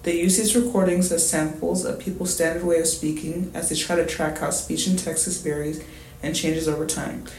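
A male interviewer with a high voice, polite and formal, reading through his request carefully. The room is echoey with a faint hiss behind him. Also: little pitch movement, normal speed, a little mellow. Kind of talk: scripted interview questions.

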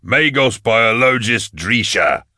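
A man voicing a loud, hearty hulking officer. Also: lowish voice, animated, normal speed, creaky, dry recording, clean studio sound, exaggerated voice. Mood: boisterous. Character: big boisterous jovial male officer.

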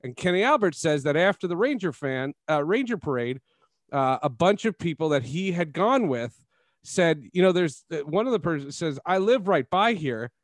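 A man's voice: on the high side, normal speed, no room sound. Guy hosting a sports podcast, lots of laughs, chatty, dry studio sound. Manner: animated storyteller, laughs often. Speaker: podcast host. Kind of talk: casual sports podcast chat.

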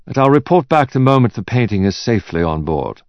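A man voicing a brisk, efficient woman who is anxious to please, pitched well above his own voice. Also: sing-song, dry recording, lo-fi sound. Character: brisk efficient woman handling airport transfers.

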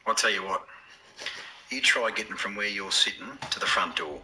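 An actor playing a brash, menacing Australian standover criminal in a film scene, sneering and swearing casually. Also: male voice, on the low side, normal speed, pushed and bright, slight background noise, rough recording.

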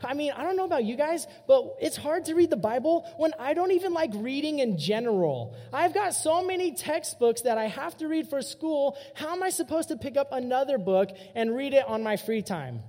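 A young man preaches to a youth group in a casual, animated storytelling manner. His voice sits high and has a mellow, relaxed tone. It rings with the long reverb of a hall. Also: normal speed, few pauses. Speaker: youth pastor. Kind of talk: youth sermon.

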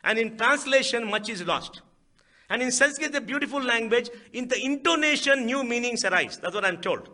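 High, bright Indian man giving a speech. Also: lively intonation, moderate pace. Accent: Indian English. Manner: emphatic, rhetorical questions, repeats key phrases. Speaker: speaker at a book event. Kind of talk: public speech.

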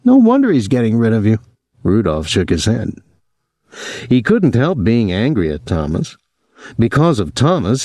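A man narrating a novel chapter in a measured, steady reading. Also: fairly low pitch, husky, dry recording, studio quality. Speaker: audiobook narrator. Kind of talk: scripted narration.

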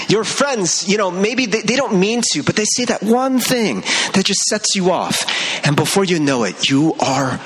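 Unhurried and high-pitched, a young male pastor preaches in an animated, conversational style, laughing between points and speaking directly to his congregation.

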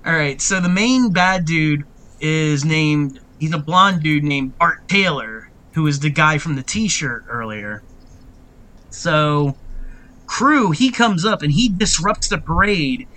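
A woman's voice: low voice, takes it slowly. A woman co-hosting a podcast, recapping a film in casual, profane, laughing chat. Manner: profane, laughing, animated retelling. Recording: remote call audio.

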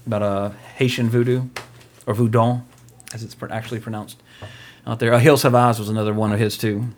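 A man's voice: fairly low pitch, fairly even intonation, quick pace. A man hosting a podcast in casual chat, rambling and joking offhand about films. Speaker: podcast host.

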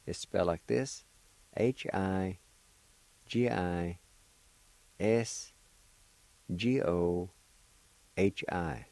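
Slow, deep-voiced patient teacher man. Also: vocal fry, dark tone, no echo, low-quality recording. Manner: patient, encouraging, spells words out slowly. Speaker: radio language teacher. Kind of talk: radio language lesson.

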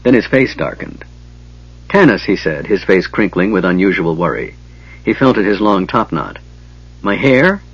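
Husky man reading an audiobook. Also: low-pitched, big pitch swings, moderate pace, no room sound. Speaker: audiobook narrator. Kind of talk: scripted audiobook narration. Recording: dull lo-fi, dry.

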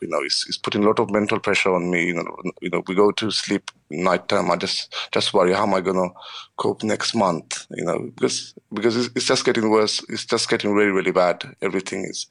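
A middle-aged working father in a radio interview, emotional and strained, speaking haltingly with many repeated words and "you know" fillers. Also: sits low, fairly even intonation, creaky, a bit bright.

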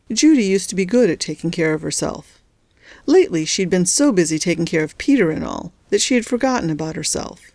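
A woman reads a novel aloud in a steady, measured way. Her voice is on the low side. The recording is dry and close, with no room sound. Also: no echo. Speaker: audiobook narrator. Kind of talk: scripted narration.

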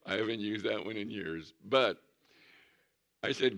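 A man's voice: lowish voice, measured pace, gravelly, fairly bright tone, highs cut off. A man in his sixties, a pastor preaching a conversational sermon with humorous storytelling in a church. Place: church sanctuary.

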